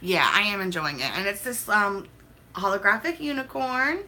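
A woman's voice: medium pitch, big pitch swings, moderate pace, sharp tone. A young woman vlogging as she opens mail, talking in a hyper, chatty, gushing way. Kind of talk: casual mail-opening vlog.

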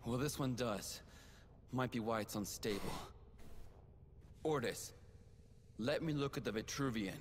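An actor voicing a calm, curious male ally in a sci-fi video game, speaking thoughtfully. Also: medium pitch, unhurried, long pauses, close to an everyday voice. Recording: game audio with clear noise.

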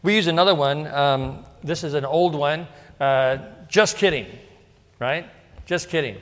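A man's voice: a little high, measured pace, in a large hall. A middle-aged male pastor giving a casual, story-filled sermon that is full of asides and rhetorical questions to the congregation. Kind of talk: conversational sermon. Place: church sanctuary.

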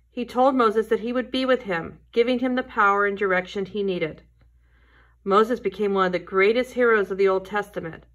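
Woman telling a children's Bible story. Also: medium pitch. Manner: gentle storytelling, addressing children directly. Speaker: Sunday school teacher.

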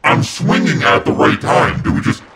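A man yelling and cursing in frustration while playing video games, his voice run through a demonic filter. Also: moderate pace, very noisy. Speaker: gamer. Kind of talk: rage-filled gameplay commentary.

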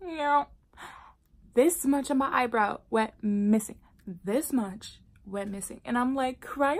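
A woman vlogger casually telling a personal story to camera, animated and dropping into whispered asides. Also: fairly high pitch, takes it slowly.

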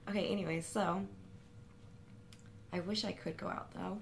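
A woman's voice: on the low side, fairly even intonation, normal speed, gravelly, a little hiss or hum. A young woman talking to her camera at home in a rambling, self-mocking vlog, full of fillers and restarts. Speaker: vlogger. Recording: music playing in the room.

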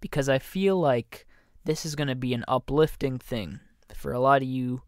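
A man's voice: mid-range voice, moderate pace, smooth, dry recording, clean studio sound. A man hosting a comedy podcast, rambling through a joking monologue, interrupting himself and dropping into mock voices. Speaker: podcast host.

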